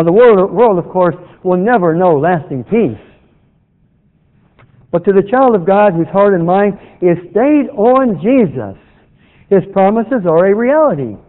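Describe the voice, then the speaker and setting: A man preaching a sermon, quoting scripture in a slow, measured cadence. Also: high voice. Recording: tinny phone-like sound with long reverb.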